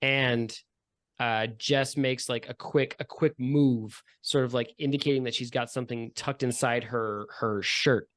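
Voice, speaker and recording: A man narrates as game master of a tabletop game, drifting through his descriptions with fillers and jokey asides. His voice sits at an ordinary middle pitch. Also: fairly even intonation, normal speed, few pauses. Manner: loose, rambling descriptions with many fillers.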